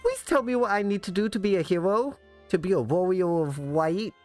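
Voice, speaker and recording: A man's voice: high voice, animated, moderate pace, faint music behind, voice pushed up. A man doing an eager wide-eyed child hero. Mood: earnest.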